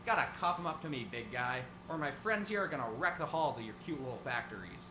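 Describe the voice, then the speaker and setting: A man's voice: mid-range voice, expressive, fast, lightly acted. A man voicing a cocky, mocking male villain, in an echoey room with background noise. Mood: taunting. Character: taunting male villain Grinch, cocky and sly.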